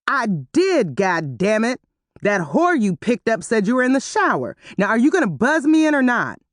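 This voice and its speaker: A woman narrator voicing a furious woman who demands answers in a sharp, angry voice. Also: fairly high pitch, very animated, normal speed, no room sound, clean studio sound, voice pushed up. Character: furious woman confronting a cheating boyfriend.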